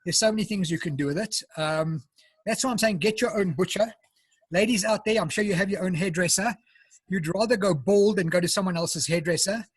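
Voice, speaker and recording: A man's voice: sits high, brisk, breathy edge, no room sound. A man with a South African accent chatting through a cooking demo on a video call, explaining each step and eating as he talks. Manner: chatty, explains step by step, eats while talking. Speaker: home cook presenting. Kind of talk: casual live cooking demo.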